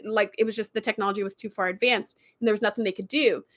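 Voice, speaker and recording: A woman hosting a live stream, giving a chatty, animated episode recap with lots of "like" and "you know.". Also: mid-range voice, quick pace.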